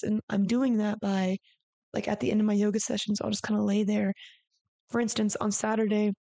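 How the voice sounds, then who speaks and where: Candid, rambling woman with vocal fry. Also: on the high side, darkish tone, no room sound. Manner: rambling, confessional, frequent "like" and casual swearing. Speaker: podcast host. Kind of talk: candid personal monologue.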